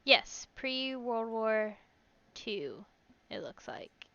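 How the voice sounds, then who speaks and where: Woman streamer reading a spy game out loud, chatty, trips over words now and then, kinda dull lo-fi mic. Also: medium pitch, a little slow, pauses often, smooth. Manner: chatty, reacts aloud to the game, stumbles over hard words. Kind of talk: reading a text game aloud and chatting live.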